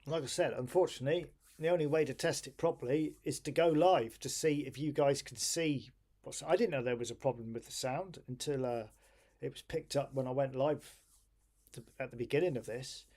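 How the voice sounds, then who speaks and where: Tired male streamer, casual, self-talking commentary, mid-pitched voice. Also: fairly quick, a little mellow. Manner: tired, thinking aloud while waiting on a computer. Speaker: retro computing streamer.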